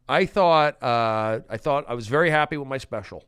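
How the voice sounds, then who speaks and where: A man hosting a comedic podcast monologue, erratic and animated, swinging from loud bits to mumbled asides. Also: mid-range voice, normal speed, smooth. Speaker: host.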